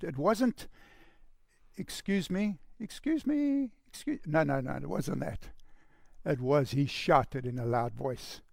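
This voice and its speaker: A male pastor preaching an impassioned sermon, building to loud shouts at its peaks. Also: fairly high pitch, creaky, no echo, clean studio sound.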